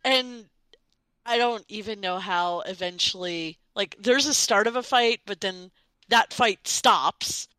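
Animated woman host with a bright, slightly high voice, self-mocking storyteller, recorded dry. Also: takes it slowly, smooth, no echo, low-quality recording. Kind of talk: casual storytelling chat.

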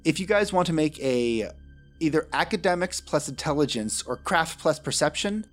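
A man's voice: a little high, animated, moderate pace, faint music behind. A man running a tabletop game as game master, narrating scenes with dry, wry asides.

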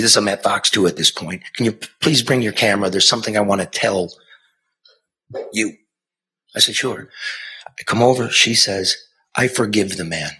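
A middle-aged man, a former TV news reporter, telling a personal story in an earnest, conversational way, moving from hushed to impassioned. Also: fairly low pitch. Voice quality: raspy. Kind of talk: earnest spoken storytelling and banter.

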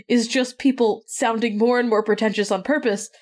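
A woman with a fairly high voice co-hosts a podcast in casual chat. She riffs in an animated way and laughs often as she talks. She is from Canada. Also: moderate pace. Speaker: podcast co-host.

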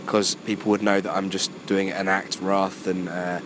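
A hoarse man with a lowish voice rambles through jokes and self-mocking asides, his voice still coming back. Faint background noise with passing trains sits behind him. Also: flat delivery, moderate pace, fairly bright tone. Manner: joking, self-deprecating, rambling. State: hoarse, voice just returning. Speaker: comedy club MC and stand-up. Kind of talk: casual chat. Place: near a train line at night.

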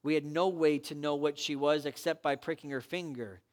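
A man's voice: a little high, steady tone, moderate pace. A man preaching a sermon, retelling a story and urging his listeners on in an earnest, exhortative way. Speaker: pastor.

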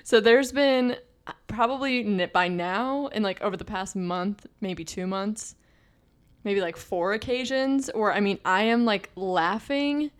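A woman's voice: medium pitch, unhurried. A young woman co-hosting a podcast in casual chat, talking in a chatty way with many fillers and restarts. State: pregnant. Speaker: podcast co-host.

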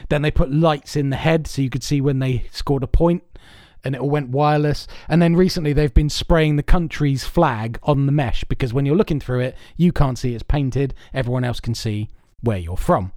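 This podcast host rambles through his stories in casual chat, swearing plenty and clearly amused at himself. His medium-pitched voice is a little mellow and moves at a moderate pace with few pauses, captured in a dry, studio-quality recording.

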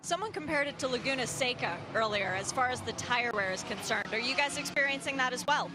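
A woman reporting from the pit lane, interviewing a driver with brisk, friendly questions. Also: on the high side, animated. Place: pit lane at a race track. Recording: race car noise behind.

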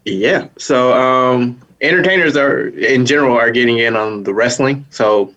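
A man's voice: medium pitch, a little slow, fairly bright tone, dull audio. A man hosting a casual podcast chat, telling stories in an easygoing way.

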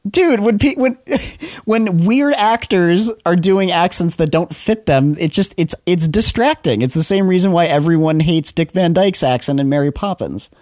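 A man's voice: high-pitched, lively intonation, normal speed, hardly any pauses, a little mellow, no echo, studio quality. A man co-hosting a casual film podcast, blunt, laughing often and swearing. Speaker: podcast co-host.

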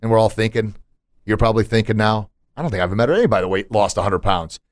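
A man's voice: on the low side, fast talker, no room sound, studio quality. Punchy motivational podcast host man. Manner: emphatic, motivational, punchy asides. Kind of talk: casual podcast chat.

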